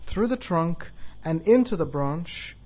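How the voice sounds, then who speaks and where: A man's voice: on the high side, animated, slow, darkish tone, husky. A man, a bishop, giving a sermon in a chatty, self-deprecating way, telling a joke and laughing along. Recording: dull lo-fi recording.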